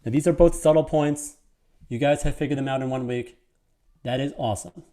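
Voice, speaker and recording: A man's voice: medium pitch, warm tone. Man teaching poetic meter, frequent restarts. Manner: reads verse lines slowly, stressing each beat; restarts and corrects himself often. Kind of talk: online lecture on poetic meter.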